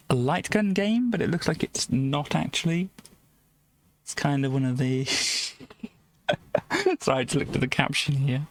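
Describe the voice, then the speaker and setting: Chatty, giggly woman streamer. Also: extremely low pitch. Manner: chatty and giggly, trailing off into soft asides. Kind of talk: casual live-stream chat reading an old games magazine.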